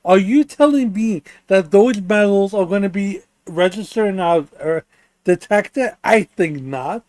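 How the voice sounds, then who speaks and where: A man's voice: high-pitched, expressive, measured pace, a little mellow, no echo. A man hosting a stream, bantering playfully and arguing his point in casual chat. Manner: playful, argumentative, talks while chewing. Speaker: stream host.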